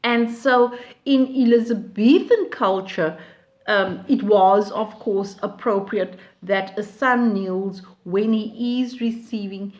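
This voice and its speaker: A woman teaching literature, reading quoted lines aloud with feeling and then explaining them in a reflective, unhurried way. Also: medium pitch, a little mellow.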